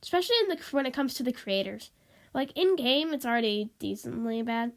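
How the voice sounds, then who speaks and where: Stuffy sniffly woman kinda high voice, rambling vlog into her tablet, keeps saying sorry. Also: animated, brisk. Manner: rambling, apologetic, keeps repeating herself. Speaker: vlogger. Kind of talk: casual rambling monologue. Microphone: tablet microphone.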